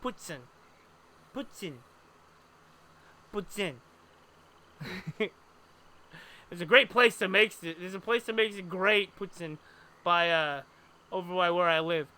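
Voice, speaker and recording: A man's voice: high voice, fairly even intonation, unhurried, long pauses, pushed and bright. A man chatting casually to his audience while playing a game live, wandering off into long, rambling explanations. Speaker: streamer. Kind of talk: casual live gameplay commentary.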